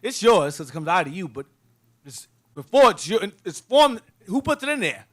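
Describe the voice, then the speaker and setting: Deacon leading a Bible class: a man with a high-pitched voice, emphatic and preachy. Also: sing-song, moderate pace, a bit bright. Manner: preachy, emphatic, calls out instructions to a reader.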